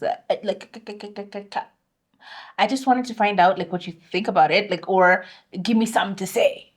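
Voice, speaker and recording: A young adult woman, co-hosting a casual chat and telling an animated story, dropping Swahili slang into her English. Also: medium pitch, fairly quick. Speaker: podcast co-host.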